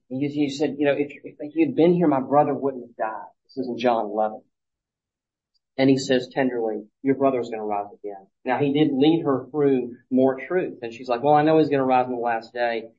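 A male pastor walks his listeners through scripture in a loose, conversational teaching style. He stops and restarts often, and he acts out the lines he quotes. His voice sits at a middle pitch, and the recording sounds a little dull and muffled. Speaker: pastor teaching a Bible study. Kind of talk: teaching sermon.

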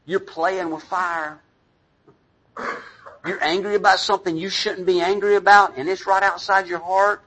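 Man preaching as God, fatherly, stern, earnest warning, a bit higher, husky. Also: fairly even intonation, moderate pace, pushed and bright, full character voice, poor audio.

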